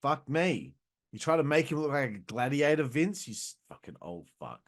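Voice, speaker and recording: A man's voice: medium pitch, big pitch swings, moderate pace. A man hosting a casual wrestling review who rambles, swears a lot and laughs at his own jokes. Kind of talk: casual profane video review.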